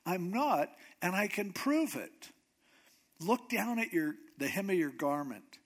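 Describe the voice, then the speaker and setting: A young warrior talks earnestly and steadily to the king who hunts him, as a preacher acts him out. The voice stays calm and reassuring, in a plain sermon retelling. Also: high voice, a little slow, pitched above the performer's own voice, heavily acted.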